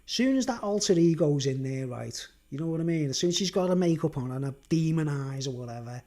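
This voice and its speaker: Brisk, animated, and barely pausing, this man speaks in a fairly high, mellow voice. He's a video blogger on a rambling casual rant, laughing frequently and adding "right?" and "mate" to his lines.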